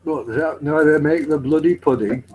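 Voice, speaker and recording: A man chatting casually over voice chat, asking curious questions in a relaxed way. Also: a little high, brisk, slight background noise, poor audio.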